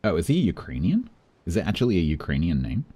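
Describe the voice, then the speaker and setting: Male streamer, deep and warm, animated, chatty, thinking aloud while gaming. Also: fast talker, breathy edge, no room sound. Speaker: game streamer. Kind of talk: casual live-stream commentary.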